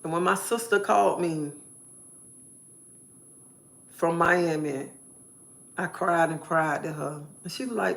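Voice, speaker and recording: Gravelly-voiced woman telling an emphatic testimony. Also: on the low side, takes it slowly, long pauses, fairly bright tone. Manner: emphatic, repeats phrases, preacherly. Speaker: live streamer. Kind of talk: personal testimony monologue.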